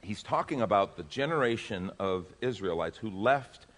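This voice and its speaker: Animated pastor preaching in a reverberant hall. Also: male voice, on the low side, moderate pace. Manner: animated, acts out everyday voices. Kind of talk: sermon.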